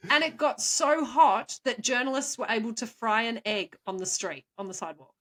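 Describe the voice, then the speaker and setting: A woman co-hosting a podcast, playfully telling stories with quick asides and frequent laughs. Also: a little high, fairly bright tone. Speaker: co-host, storyteller. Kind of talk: casual chat.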